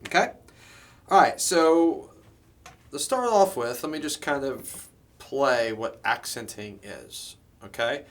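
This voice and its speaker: Drum teacher, male, average pitch; casual explainer, lots of "um" and "okay?". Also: takes it slowly. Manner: relaxed, explanatory, many fillers and "okay?" check-ins. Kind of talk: instructional lesson.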